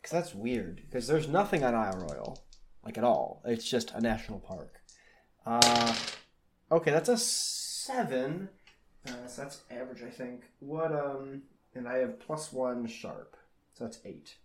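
Casual guy playing a tabletop game, thinking out loud. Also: mid-range voice, sing-song, unhurried. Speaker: player.

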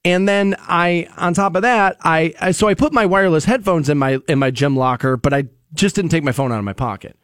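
A man's voice: on the high side, a little fast, a bit bright, no room sound, clean studio sound. A male radio show host telling a long personal story in casual morning talk, rambling with fillers and restarts. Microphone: studio microphone.

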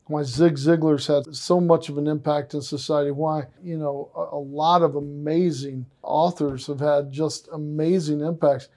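An eager male interviewer with a fairly high but mellow voice. He gushes with praise and spins long anecdotes in a relaxed conversational flow. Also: moderate pace, hardly any pauses. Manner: enthusiastic, animated storyteller. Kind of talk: casual conversation.

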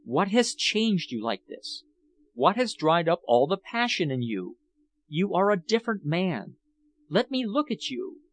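A man reading a passionate, pleading princess in a higher, imploring voice. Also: sing-song, measured pace, fairly bright tone, heavily acted. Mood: searching. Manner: imploring, raised pitch.

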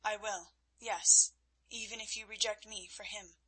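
A woman's voice: mid-range voice, fairly even intonation, a little slow, pushed and bright, husky, low-quality recording. A woman reading the lines of an ardent, teasing young male knight in an audiobook, pleading and wry.

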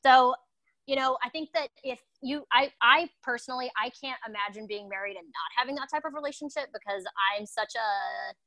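A woman's voice: fairly high pitch, fairly quick, sharp tone, no room sound, rough recording. A woman talking candidly and intensely in a casual conversation as co-host.

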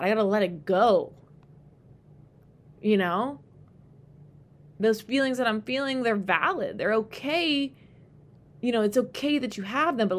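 A woman hosting a solo podcast, talking candidly and rambling, swearing freely and getting animated when she quotes herself. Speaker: podcast host. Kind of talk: casual solo podcast monologue. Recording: faint background rumble.

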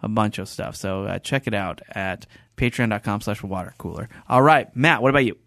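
A man hosting a podcast in casual chat, telling stories with lots of laughs and animated bursts. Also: fairly low pitch, a little fast, vocal fry, no echo, studio quality. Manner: animated storyteller, laughs often. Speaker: podcast host.

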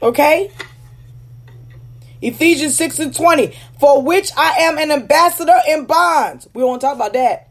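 A woman preaching a teaching sermon to ministers. She speaks emphatically, slows down to stress key words, and keeps checking in with "Okay?". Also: high voice. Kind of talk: teaching sermon with scripture readings.

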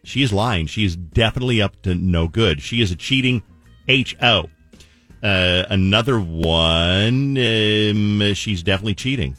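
A man hosting a radio show, chatty and energetic, talking to listeners and callers. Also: fairly low pitch, a little slow, soft background music. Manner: energetic, chatty, acts out voices. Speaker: radio morning show host.

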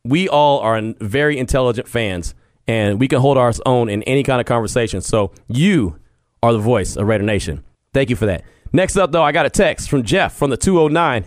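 A man's voice: medium pitch, expressive, brisk, no room sound, studio quality. A man hosting a casual sports podcast from home, talking earnestly with frequent restarts and easy laughs. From Texas. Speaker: podcast host. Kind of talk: casual sports talk monologue. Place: home studio.

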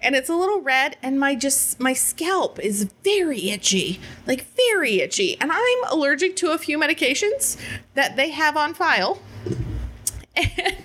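A young woman with a high voice tells a story casually at a moderate pace. She's animated, swears freely, and laughs while acting out the lines she quotes.

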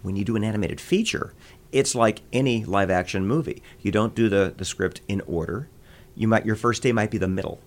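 A man from the American Midwest, a voice actor telling stories in an interview with quick bursts of voices and laughter. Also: fairly low pitch. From Midwest United States. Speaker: voice actor guest. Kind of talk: interview conversation.

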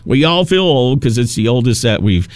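A man's voice: mid-range voice, animated, moderate pace, dry recording. A man in his fifties hosting a talk radio show, rambling through a casual monologue with many restarts and asides. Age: 50s.

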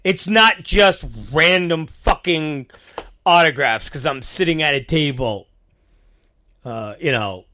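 A man's voice: a little high, slow, sharp tone. A man in a casual monologue, rambling and self-deprecating, swearing freely as he goes.

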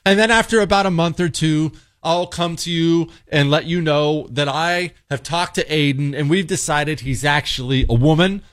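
A man's voice: fairly high pitch, moderate pace, hardly any pauses, a bit bright, close to an everyday voice. A man playing a smarmy, scheming counselor. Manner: condescending, falsely soothing.

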